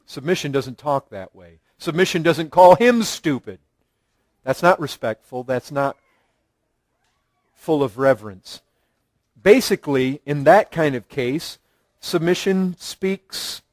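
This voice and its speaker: A pastor giving an earnest sermon, building emphasis through repeated phrases. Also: male voice, a little high, animated, slow, pauses often, darkish tone, dry recording.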